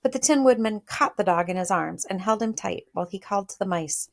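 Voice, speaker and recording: A woman teacher reads a storybook aloud in a chatty read-aloud lesson, pausing to explain words and share her thoughts. Her voice is medium-pitched with vocal fry, and she speaks a little fast.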